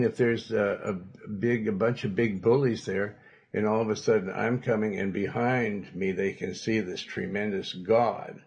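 Slow gravelly preacher guy, lowish voice, dull lo-fi recording. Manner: emphatic preaching, with sudden loud bursts; quotes scripture in old-fashioned wording. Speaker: pastor. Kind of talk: sermon.

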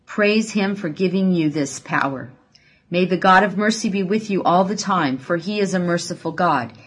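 Husky woman reading a letter. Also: fairly low pitch, normal speed. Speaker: letter reader.

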